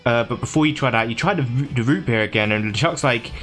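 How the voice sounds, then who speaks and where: A man livestreaming, casually recapping a video game plot in a hurried, rambling way. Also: medium pitch, fairly bright tone, faint music behind.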